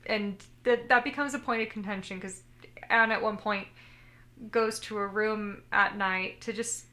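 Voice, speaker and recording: A woman's voice: mid-range voice, steady tone, a little slow, sharp tone. A woman co-hosting a podcast, chatting casually and retelling anime scenes with animation. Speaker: podcast co-host. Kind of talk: casual chat recapping an anime.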